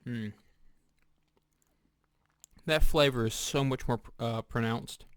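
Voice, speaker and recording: A man giving a casual snack review, speaking deliberately and pausing often with fillers and restarts. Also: mid-range voice, smooth, dry recording. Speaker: food reviewer. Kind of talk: casual product review vlog.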